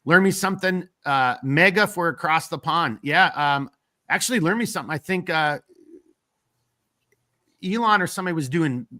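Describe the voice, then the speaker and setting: Northern us guy hosting a live stream, bright pushy voice, rambly and blunt, swears a lot, dry close sound. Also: a little high, expressive, moderate pace, long pauses, no room sound. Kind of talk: casual live stream chat, reading viewer comments.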